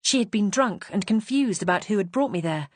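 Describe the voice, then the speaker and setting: Female audiobook narrator, mid-pitched, composed and wry, dry studio sound. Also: lively intonation, a little fast, dry recording. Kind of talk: first-person mystery narration.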